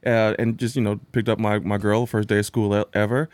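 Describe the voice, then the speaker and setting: Easygoing low-voiced man telling stories. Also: level tone, quick pace, hardly any pauses, a little mellow, clear, resonant tone, no echo. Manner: easygoing storyteller, laughs often, slangy. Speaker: podcast co-host. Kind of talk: casual chat.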